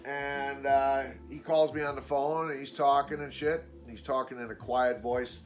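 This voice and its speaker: A blunt man venting in a casual vlog monologue, his voice sitting in an ordinary middle pitch. He sounds exasperated and swears freely, and he pitches his voice up when he mimics what other people said. Faint music plays behind him. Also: flat delivery, unhurried. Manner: acts out quoted people with raised pitch. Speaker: vlogger.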